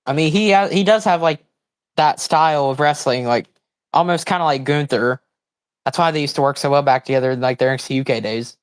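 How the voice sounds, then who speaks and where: A man hosting a livestream, giving casual, rambling commentary on a wrestling broadcast and breaking into excited outbursts and confused reactions. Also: a little high, fairly quick, clean tone. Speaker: livestream host.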